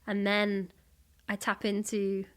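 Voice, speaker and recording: A woman's voice: medium pitch, monotone, slow, a bit bright. Chatty woman guest on a podcast. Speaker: guest voice actor. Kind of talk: conversational interview.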